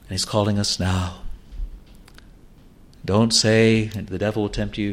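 A man's voice: fairly low pitch, level tone, a little slow, long pauses. A male preacher delivering an evangelistic sermon with earnest, pleading appeals.

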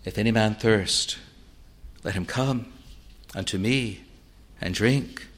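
Male preacher, earnest sermon delivery, slow measured pace, rises and falls in volume. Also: lowish voice. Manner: earnest, swells loud on key words then drops soft.

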